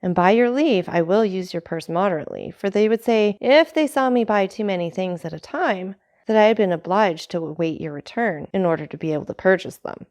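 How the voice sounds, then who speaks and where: A woman reading aloud, voicing a humble poor old father who talks in a gentle, mild way, in a storybook. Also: mid-range voice, animated, fairly quick, hardly any pauses, close to an everyday voice.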